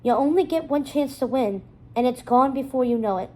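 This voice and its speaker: Woman reader doing joking young ex-racer coach brother, mellow, pep-talk manner. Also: sits high, brisk, rough recording. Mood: wistful.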